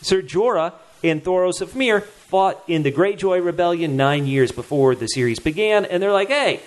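A man hosting a casual chat, animated and jokey, often quoting characters in put-on voices. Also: high voice, moderate pace. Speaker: podcast host.

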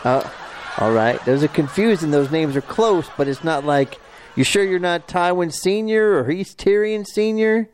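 A man's voice: sits high, normal speed, darkish tone, slight background noise, low-quality recording. A man playing a folksy, stammering talk show host in an improv comedy sketch.

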